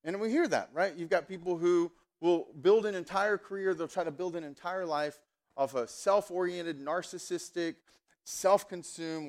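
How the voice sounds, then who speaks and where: A man preaching a sermon as a pastor, telling stories in a chatty, animated way and getting fired up and emphatic. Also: sits high, normal speed. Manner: conversational, animated storytelling with many asides; fired-up, emphatic when worked up.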